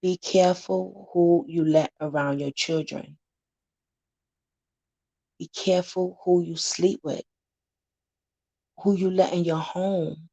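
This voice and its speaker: A woman's voice: lowish voice, fairly even intonation, slow, vocal fry, pauses often, dark tone, highs cut off. A woman community advocate talking casually to camera, blunt and candid, warning her viewers and acting out scenes to make her point.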